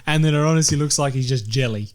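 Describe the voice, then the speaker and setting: A young man with a mid-pitched voice, riffing with his co-host on a podcast. He talks loosely with slang and laughs often. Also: quick pace. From Australia. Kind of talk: casual chat.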